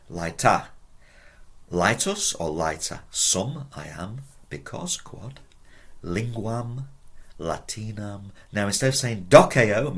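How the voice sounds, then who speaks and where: Husky low-voiced man, chatty language teacher drilling vocabulary. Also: fairly bright tone. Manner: chatty, drills words by repeating them. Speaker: Latin teacher. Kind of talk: video lesson.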